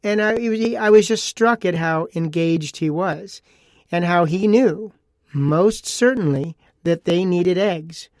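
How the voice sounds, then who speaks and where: A man's voice: high voice, measured pace, darkish tone, no echo, clean studio sound. Chatty man hosting a solo podcast. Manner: chatty and rambling, with repeated phrases and asides. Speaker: podcast host. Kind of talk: casual solo podcast monologue.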